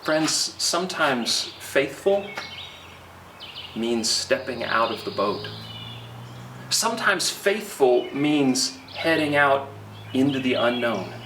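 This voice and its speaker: A middle-aged man preaching a conversational sermon, pausing now and then with fillers, recorded outdoors. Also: mid-range voice. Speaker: pastor. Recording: roomy, from a distance, faint outdoor noise.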